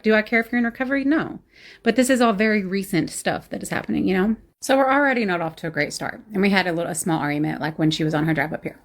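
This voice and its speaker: A woman in her mid-thirties telling a bad-date story in casual chat, blunt, sassy and exasperated, with sarcastic asides. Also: medium pitch. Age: 30s.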